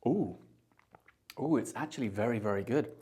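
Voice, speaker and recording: A man's voice: medium pitch, animated, normal speed, dark tone. Chatty man hosting a cocktail tasting. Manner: chatty, jokey asides. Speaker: bartender host. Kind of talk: casual tasting chat to camera.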